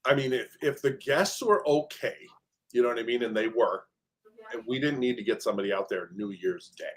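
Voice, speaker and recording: A man's voice: medium pitch, expressive, fairly quick. Chatty man retelling a repair saga. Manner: storytelling, acts out quoted exchanges, many fillers. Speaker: short-term rental property manager. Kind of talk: casual podcast chat.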